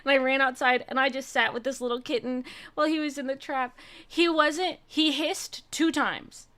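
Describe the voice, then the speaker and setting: A woman's voice: high voice, steady tone, moderate pace, a bit bright. A young woman hosting a livestream, chatting casually and gushing through a personal story with lots of fillers. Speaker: livestream host.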